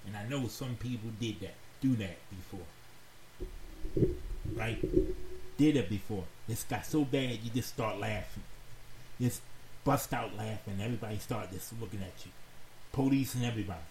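A man hosting a radio talk show, giving heartfelt advice in a slow, earnest, preachy way and repeating phrases for emphasis. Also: on the low side, darkish tone. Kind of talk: heartfelt advice monologue to listeners. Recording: roomy echoey sound with faint background noise.

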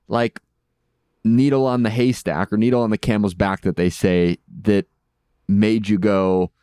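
Man, interview host, smooth lowish voice, dry sound. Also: dark tone, no room sound. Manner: chatty, laughs easily. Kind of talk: casual interview.

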